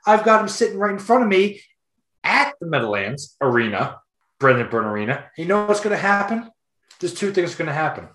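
A man's voice: mid-range voice, lively intonation, normal speed, a bit bright, close to an everyday voice. A man playing a furious cursing dad. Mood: angry ranting. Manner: ranting, cursing, combative. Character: furious foul-mouthed dad on a payphone. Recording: roomy echo.

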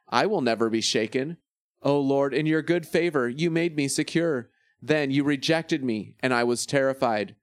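A man reads scripture in a steady, measured way. His voice sits a little above the usual male range. The sound is close and dry, with no room around it. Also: on the high side, no room sound. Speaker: scripture reader. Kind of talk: scripted Bible reading.

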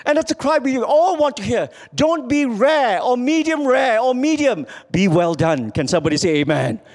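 A man preaching a sermon as pastor, swinging from loud calls to quiet, low lines. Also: very animated, normal speed.

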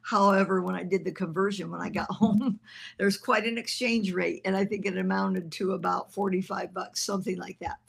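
A woman's voice: mid-range voice, steady tone, normal speed, creaky, husky. An older woman minister telling a personal testimony in an earnest, conversational way. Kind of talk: testimony storytelling.

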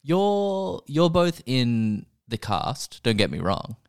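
A man's voice: mid-range voice, sing-song, takes it slowly, darkish tone, smooth, no room sound, studio quality. A young man hosting a podcast, telling rambling comic stories in a playful, joking way. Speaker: podcast host. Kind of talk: casual joking chat.

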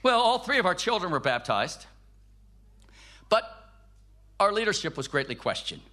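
An older man preacher giving a personal testimony sermon, emphatic, at times dropping into soft low tones. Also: sing-song, normal speed.

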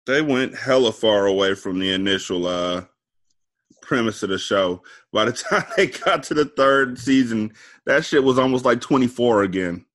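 Male podcast co-host, mid-pitched, relaxed, blunt, casual delivery. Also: normal speed. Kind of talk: casual chat.

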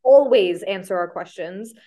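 A woman's voice: mid-range voice, expressive, moderate pace, dark tone. A woman hosting a podcast, agreeing often and sharing her own view in casual chat. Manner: supportive, frequent agreeing interjections. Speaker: podcast host. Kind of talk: casual conversation.

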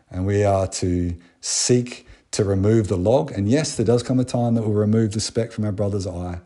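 A man's voice: lowish voice, mellow. A man with an Australian accent preaching a sermon, reading Bible verses and then talking them through in a conversational way with fillers and restarts. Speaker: pastor.

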